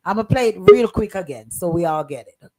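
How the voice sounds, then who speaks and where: A woman's voice: fairly low pitch, lively intonation, brisk, crowd noise. A woman co-hosting a casual talk radio show, speaking expressively with a swooping delivery. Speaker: co-host.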